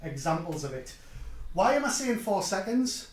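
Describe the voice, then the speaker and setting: Brief: Geordie man presenting at a tech event, emphatic and punchy, fairly high voice, picked up from a distance. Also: very animated, normal speed. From North East England. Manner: emphatic, punchy short sentences to the audience. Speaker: tech conference speaker. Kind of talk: live presentation. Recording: echoey hall, mic heard from afar.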